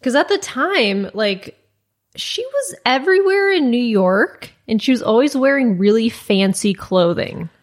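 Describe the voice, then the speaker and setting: A woman's voice: fairly high pitch, lively intonation. A young woman co-hosting a casual chat, telling a story in a chatty way full of "like" fillers. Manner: chatty, frequent "like" fillers, quick asides. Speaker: podcast co-host.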